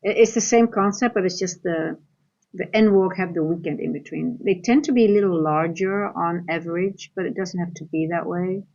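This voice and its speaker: A woman's voice: on the low side, moderate pace, vocal fry, darkish tone, dull audio. A woman from the Netherlands, a Dutch speaker, coaching on a live trading stream. She rambles, restarts her sentences and reads the chat aloud as she goes.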